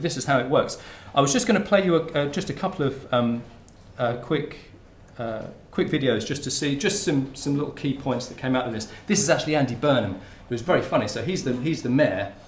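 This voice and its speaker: A man's voice: mid-range voice, slight background noise. A man from Hertfordshire giving an informal conference talk, often restarting his sentences. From Hertfordshire, England. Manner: informal, with many restarts and fillers. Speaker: university researcher giving a talk. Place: lecture room. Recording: roomy lecture-room sound.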